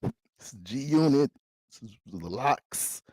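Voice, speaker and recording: A man performing a comedy sketch, his voice jumping all over in pitch as he riffs. He talks at a middle pitch, playful and loose, and the sound is dry and close with no room around it. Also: slow, no room sound, low-quality recording. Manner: animated, playful, swings into character voices. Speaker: astrology comedian.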